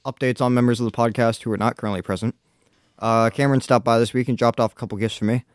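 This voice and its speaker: Fast, smooth-voiced male co-host who steers the chat back on track. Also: medium pitch, fairly even intonation, no echo, clean studio sound. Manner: steers talk back on topic. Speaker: podcast co-host. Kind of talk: casual chat.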